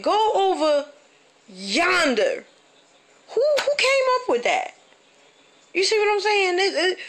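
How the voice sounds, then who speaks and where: A fairly high-pitched woman in her thirties, from the northern Midwest, doing stand-up comedy. She sounds animated and incredulous. She fires off rhetorical questions and keeps checking in with the crowd. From northern United States, Midwest. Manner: conversational, checks in with the audience.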